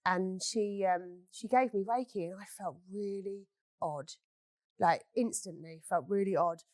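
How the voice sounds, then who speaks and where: A woman's voice: mid-range voice, a little slow, a little mellow, no room sound. A woman, a beauty business owner, telling stories in a candid chat and swearing freely. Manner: blunt, swears freely, storytelling.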